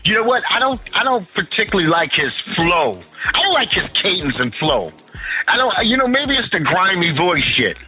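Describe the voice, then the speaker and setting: A high, very lively man from Harlem holds forth in a loose, profane chat, tripping over restarts as he pushes his opinions. His voice is sharp and bright, with faint music playing behind him. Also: moderate pace, breathy edge, low-quality recording. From Harlem, New York. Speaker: podcast co-host. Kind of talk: casual chat.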